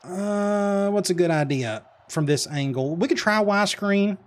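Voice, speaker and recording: A man talks through a football video game in a casual commentary. His voice sits a touch high, and he mutters play calls and quick reactions as though half talking to himself. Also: expressive. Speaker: gaming commentator.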